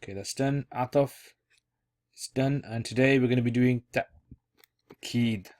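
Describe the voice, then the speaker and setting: In a casual online Arabic grammar lesson, a man restates every key term and thinks aloud while explaining. His voice is mid-range, a little mellow, and a bit slow.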